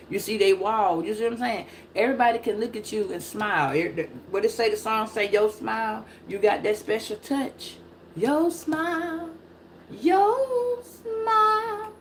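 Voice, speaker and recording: Middle-aged lady doing a live tarot reading on her phone, cusses a lot, gets loud and preachy, mid pitch. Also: slight background noise. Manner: emphatic, preachy and profane, building to loud bursts. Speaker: tarot reader. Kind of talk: casual live-stream reading.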